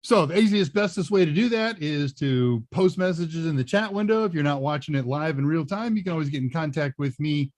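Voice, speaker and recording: A man's voice: a little high, lively intonation, a little fast, hardly any pauses, darkish tone, no room sound, studio quality. A man hosting a live tech Q&A, chatting casually and rambling with chuckling asides. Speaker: host and senior instructor. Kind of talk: casual livestream Q&A chat.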